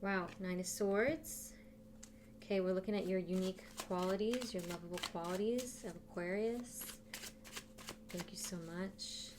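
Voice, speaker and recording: A woman's voice: mid-range voice, fairly even intonation, moderate pace, background noise. A woman giving a casual tarot reading who talks straight to her viewers and thinks aloud as she turns the cards. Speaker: tarot reader.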